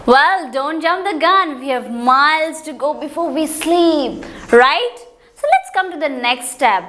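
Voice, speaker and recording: A woman teaching pronunciation in class, emphatic, with exaggerated rising and falling pitch. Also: animated, measured pace, sharp tone, slight background noise. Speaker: English pronunciation instructor. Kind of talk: classroom lesson, demonstrating intonation.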